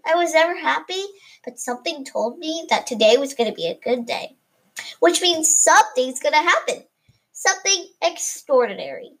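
A woman with a high voice reads a homemade first-person story aloud. She stumbles now and then and corrects herself mid-line. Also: very animated, moderate pace, fairly bright tone, poor audio.

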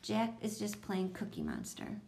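A woman voicing a practical, bossy young detective who speaks briskly and takes charge. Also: mid-range voice, huge pitch swings, a little mellow. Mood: bossy, questioning.

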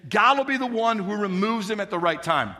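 High-voiced preacher in a reverberant hall. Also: male voice, fairly quick. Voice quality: lively, acts out the characters' lines in changed voices. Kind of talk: sermon storytelling.

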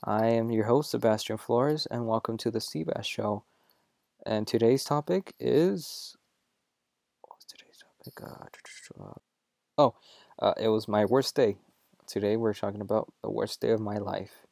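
A young man with a fairly low voice hosts his own show and tells a personal story casually. He jokes, gets animated, and often stops to correct himself. The sound is dry and close, with no room echo. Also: normal speed, vocal fry. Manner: jokey and animated, with self-corrections. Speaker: show host.

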